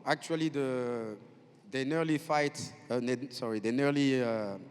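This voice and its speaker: A man in his forties with a French accent, telling lively stories as a guest on a festival stage, often halting and restarting. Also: medium pitch, clean tone. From France. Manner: animated storyteller, halting with restarts. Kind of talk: on-stage conversation. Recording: long hall reverb.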